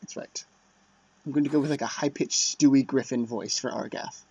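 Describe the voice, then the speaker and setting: A man's voice: medium pitch, steady tone, fairly quick, a little mellow, slightly rough, no room sound. A man casually commenting on a strategy game as he plays, chatty and self-deprecating, often muttering under his breath. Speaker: let's play commentator. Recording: dull lo-fi dry mic.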